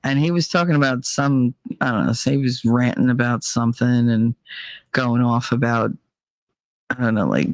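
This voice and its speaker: A man's voice: mid-range voice, steady tone, normal speed, no room sound. A man from New Jersey talking candidly to his viewers in a rambling, profane, confessional way, sometimes mimicking other people. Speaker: channel host. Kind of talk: candid personal monologue to viewers.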